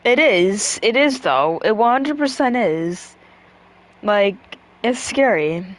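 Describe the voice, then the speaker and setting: A woman's voice: medium pitch, animated, takes it slowly. A woman chatting casually on a stream, rambling with lots of fillers and swearing freely.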